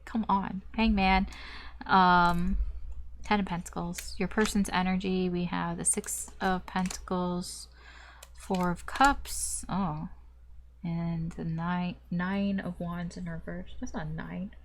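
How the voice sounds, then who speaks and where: A woman's voice: fairly low pitch, level tone, takes it slowly, a little hiss or hum. A woman doing a casual tarot reading to camera, rambling with many fillers and restarts, and swearing now and then. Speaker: tarot reader.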